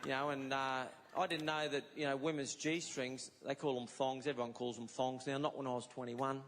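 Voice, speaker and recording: In a mid-range voice at a moderate pace, a middle-aged Australian man does a live stand-up set with audience noise and laughter around him. His stories come alive through animated impressions as he slips into each character's voice.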